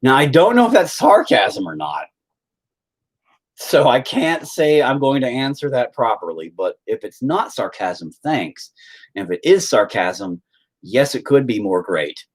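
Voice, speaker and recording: A man chatting casually with his viewers on a live stream, crude and joking, sometimes bursting into loud high-pitched exclamations. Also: sing-song, measured pace. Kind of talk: casual chat.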